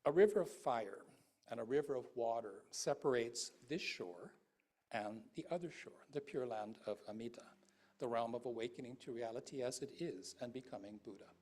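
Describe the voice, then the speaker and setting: A male minister gives a Buddhist dharma talk in an easy, conversational way, peppered with fillers and asides to the congregation. His voice is husky at a medium pitch. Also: expressive, moderate pace, a little mellow. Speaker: guest minister.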